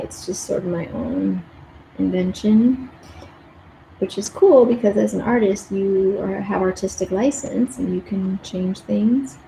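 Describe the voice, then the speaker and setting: A woman's voice: mid-range voice, gravelly, warm tone, a little hiss or hum. Chatty woman painting in a roomy studio. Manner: chatty, rambling, with many restarts. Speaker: art educator hosting a live painting stream. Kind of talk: casual live-stream chat while painting. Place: home art studio.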